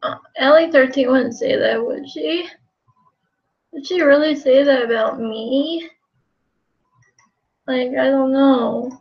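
A woman's voice: sits high, slow pace, long pauses, muffled recording. A woman live-streaming a game, rambling casually to her chat as she plays. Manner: rambling, talks to chat while playing.

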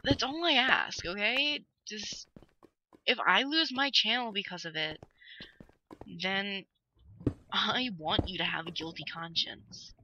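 A woman's voice: medium pitch, takes it slowly, long pauses, lo-fi sound. A young woman hosting a casual gaming video, ranting with exasperation and breaking into giggles. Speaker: gaming channel host. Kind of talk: casual gameplay chat. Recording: loud background noise.

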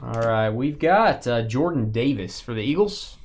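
A man hosting a live sports card break, teasing his co-host and loudly calling out the cards he pulls. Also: medium pitch, animated, normal speed. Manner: jokey, teasing, loud when calling out big pulls.

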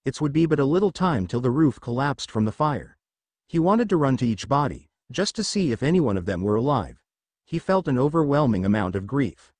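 A man reading fan fiction aloud as narrator, in a steady storytelling manner. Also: mid-range voice, a little fast, no room sound.

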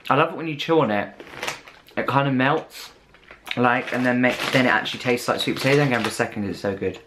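A chatty British man from the UK, talking through snacks in a casual taste-test vlog. His voice sits at an everyday middle pitch, and he stays upbeat and enthusiastic as he describes each one. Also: fast talker, noisy background. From United Kingdom. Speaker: vlogger.

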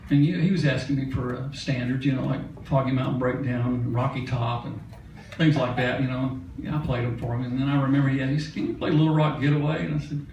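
A man's voice: mid-range voice, level tone, fairly quick, hardly any pauses, a little mellow, muffled recording, a little hiss or hum. An older man from Mississippi telling a folksy, chatty story on a concert stage, laughing now and then. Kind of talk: onstage storytelling. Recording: echoey concert hall from a distance.

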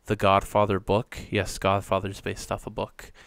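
A man co-hosting a casual podcast, his voice low-set and smooth. He rambles along with fillers and restarts, and the sound is dry and close. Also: monotone, moderate pace, fairly bright tone, no room sound. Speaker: podcast co-host. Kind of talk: casual chat.

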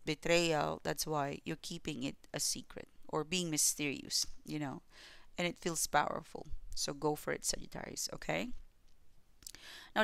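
A woman giving a rambling, excitable tarot reading to camera, full of fillers and restarts. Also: low voice, creaky, no room sound. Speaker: tarot reader.

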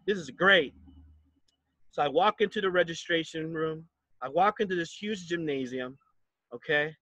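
A young man from New Jersey speaking to campers, telling a personal story in an animated way and acting out the dialogue. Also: normal speed, dry recording. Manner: animated, acts out dialogue, drops low for asides. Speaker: camp speaker. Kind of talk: storytelling talk.

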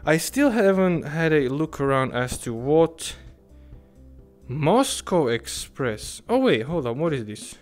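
A man's voice: fairly high pitch, big pitch swings, takes it slowly, faint music behind. A man playing a bar-serving game and chatting casually, exclaiming, swearing and putting on a mock-polite tone for customers. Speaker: gaming YouTuber. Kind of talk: casual gameplay commentary.

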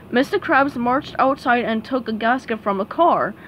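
A woman reading a children's storybook aloud with animated, expressive narration. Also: fairly high pitch, slight background noise. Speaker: storybook reader.

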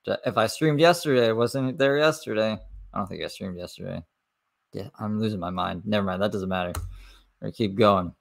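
A man's voice: fairly low pitch, a little fast, creaky. A man hosting a livestream, reacting to clips with sarcastic, profane, mocking commentary. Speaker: commentary streamer.

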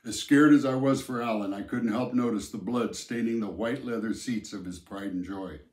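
A man narrating a novel aloud in the first person, telling the story in a measured, plain way. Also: lowish voice, darkish tone. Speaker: audiobook narrator. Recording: roomy echo.

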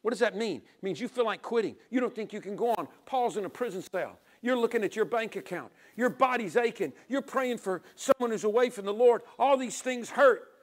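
High-voiced preacher swinging loud to hushed. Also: male voice, a little fast. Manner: swings from loud urging to quiet near-whispers; acts out little dialogues with God and people. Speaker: pastor. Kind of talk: sermon.

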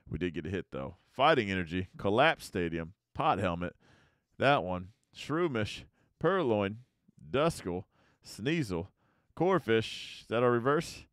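A man's voice: on the low side, dry recording, clean studio sound. An American man hosting a casual card-opening video, chatting and muttering card names as he opens packs. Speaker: YouTube card-opening host. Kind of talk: casual pack-opening commentary.

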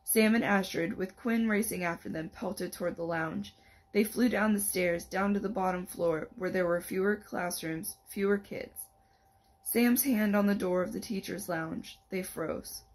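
A woman on a library's staff reading the first chapter of a young adult novel aloud in a steady storytelling manner. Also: mid-range voice, measured pace.

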